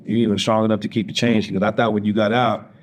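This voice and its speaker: A man from Texas tells his personal story as a podcast guest, speaking candidly with a fairly low voice. He brings the people he quotes to life by acting out their words. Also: little pitch movement, fast, dull audio.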